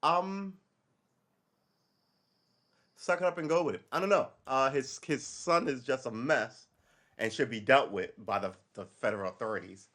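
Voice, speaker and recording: A man's voice: medium pitch, moderate pace, long pauses, fairly bright tone. A man from Brooklyn, hosting a casual political livestream. He talks in a loose, rambling, profane way. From Brooklyn, New York. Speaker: livestream host.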